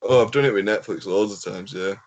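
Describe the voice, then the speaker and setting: A man co-hosting a podcast in relaxed casual chat, swearing offhandedly and laughing often. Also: fairly low pitch, brisk. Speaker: podcast co-host.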